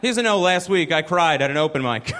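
A man's voice: fairly high pitch, lively intonation, brisk, pushed and bright. A young adult man doing a stand-up comedy set at a live venue, telling a chatty, self-deprecating story.

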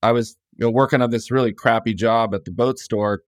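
A middle-aged guest author from California rambles through anecdotes in an interview, relaxed yet brisk, restarting frequently and acting out quoted dialogue. The mid-range voice comes through a dry, clean studio recording.

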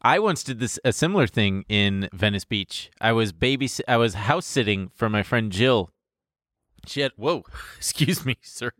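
A man's voice: mid-range voice, normal speed, dry recording, studio quality. A man in his thirties, co-hosting a podcast, telling a story in casual chat and acting out the voices in it. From United States. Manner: animated, acts out voices in his stories, laughs often. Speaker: podcast co-host.

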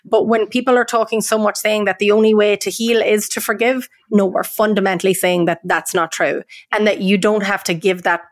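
Irish woman co-author talking earnest on a podcast, slows on key words, dry sound. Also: mid-range voice, fairly even intonation, no echo. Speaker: co-author guest. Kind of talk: podcast conversation.

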